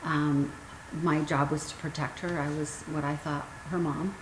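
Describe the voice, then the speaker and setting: A woman's voice: low-pitched, level tone. A woman in her fifties, a guest author telling her personal story candidly and emotionally. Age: 50s. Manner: earnest, emotional, pauses with ums. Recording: roomy sound with faint noise.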